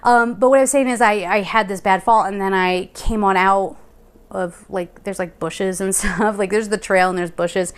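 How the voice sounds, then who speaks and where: Young woman vlogging, chatty and animated, rambles and laughs a lot, mid pitched. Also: moderate pace, smooth. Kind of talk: casual storytelling. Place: Colorado Springs.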